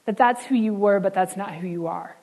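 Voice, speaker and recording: A woman preaching a sermon in an earnest way, slowing down and dropping soft on key words. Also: mid-range voice, creaky, poor audio.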